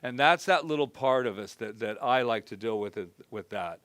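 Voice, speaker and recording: At a spiritual center gathering, a chatty male minister gives an informal sermon to the congregation, joking conversationally and softly acting out his own self-talk. His mid-range voice is animated and moderately paced, and the sound is dry with no echo.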